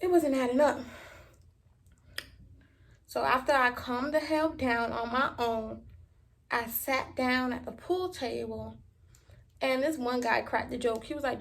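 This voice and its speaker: A young woman from Miami, telling a story in a vlog in an animated, profane and emphatic way. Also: high-pitched, a little slow, vocal fry, long pauses. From Miami, Florida. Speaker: vlogger.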